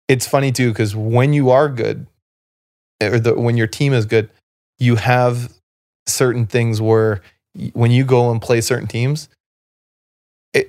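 Gravelly-voiced man telling relaxed stories. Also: medium pitch, no room sound, studio quality. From Canada. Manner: rambling, relaxed storyteller, many "like" fillers and restarts. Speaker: podcast guest, former basketball player. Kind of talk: casual storytelling conversation.

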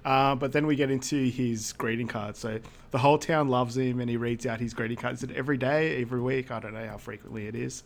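A man's voice: medium pitch, steady tone, quick pace, vocal fry. Man recapping a film casually. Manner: retells scenes with lots of quoted lines and laughs. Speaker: podcast co-host.

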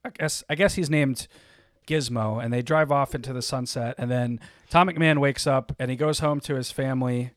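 A man's voice: mid-range voice, fairly even intonation, normal speed, no echo, clean studio sound. A man on a comedy podcast summarizing a comic in a rambling, sarcastic, profane way. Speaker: podcast co-host. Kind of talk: casual comedic chat.

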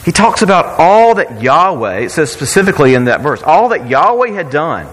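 A man's voice: on the high side, sing-song, moderate pace, a bit bright, big-room sound, low-quality recording. A man preaching a sermon in a conversational way, often repeating words and asking rhetorical questions. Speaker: pastor.

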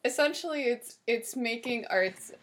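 A young woman joins a podcast as a brief guest and explains things in a plain, matter-of-fact way. She stays modest about what she knows. Her voice is a little high. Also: animated, unhurried. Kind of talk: casual explanation.

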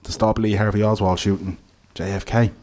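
A man's voice: fairly low pitch, little pitch movement, brisk, a little mellow. An Irish man hosting a live podcast from a hotel, joking and laughing in casual chat. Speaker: podcast host.

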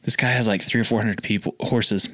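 A man telling a story in casual chat, acting out the calls with sudden jumps in pitch. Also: fairly even intonation, a little fast, fairly bright tone, no room sound. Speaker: guest telling a sales story.

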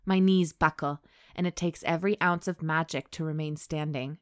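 A woman hosting a comedy podcast, reading an erotic story aloud in a deadpan voice between jokes. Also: low voice, moderate pace, no echo, studio quality. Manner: deadpan reading broken by laughing asides. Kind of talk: dramatic reading with comic banter.

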